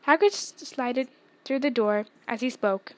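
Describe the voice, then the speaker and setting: Woman reading a book chapter aloud, steady, high voice. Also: unhurried. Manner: steady storybook narration. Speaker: podcast reader.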